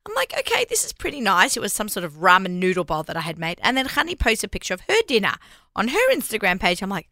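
A woman's voice: mid-range voice, animated, quick pace, bright, forceful tone, dry recording, clean studio sound. An Australian woman hosting a casual podcast chat, chatty and self-deprecating, laughing often. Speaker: host.

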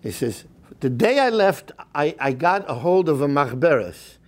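A middle-aged man, a rabbi telling a story in a sermon, shifting from hushed whispers to rising fervor and mixing in Yiddish and Hebrew phrases. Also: fairly high pitch, big pitch swings, measured pace. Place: synagogue.

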